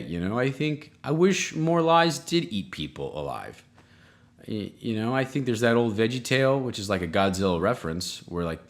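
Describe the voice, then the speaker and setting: A man hosting a comedy podcast, telling self-mocking stories in a rambling way, with sudden jumps in pitch. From United States. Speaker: podcast host. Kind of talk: comedic solo monologue.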